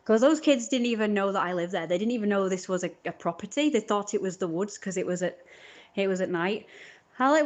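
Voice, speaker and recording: A woman's voice: mid-range voice, brisk. A woman on a live stream, telling a long rambling story in an indignant tone.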